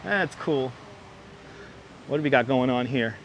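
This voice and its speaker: A man's voice: medium pitch, unhurried, long pauses. A man with a Brooklyn accent hosting a walking-tour livestream outdoors in the city, chatting with viewers and thanking them by name. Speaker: livestream host. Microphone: wireless clip-on mic. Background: faint city traffic.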